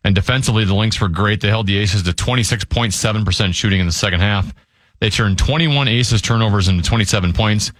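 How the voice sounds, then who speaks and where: A man co-hosting sports talk radio, reading sports news briskly and handing questions to the host. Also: lowish voice, fairly bright tone, no echo, clean studio sound.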